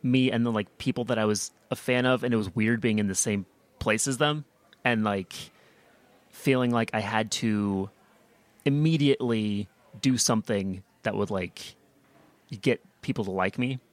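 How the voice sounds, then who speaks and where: A man's voice: on the low side, moderate pace, no echo. A young American man hosting a podcast, chatting casually and rambling with lots of fillers and restarts. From United States. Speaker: podcast host. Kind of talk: casual chat.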